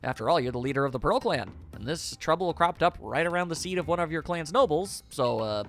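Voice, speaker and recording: A man's voice: fairly high pitch, lively intonation, a little fast, a bit bright. A man voicing a flustered young male warden who stammers nervously.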